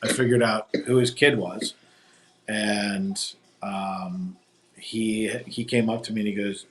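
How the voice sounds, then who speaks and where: Guy rambling thru a story on a live stream outside, kinda low voice, lots of ums. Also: fairly even intonation, slow, a little hiss or hum. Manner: rambling storyteller, many fillers. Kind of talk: casual chat. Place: outdoors at a theme park. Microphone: phone on a gimbal.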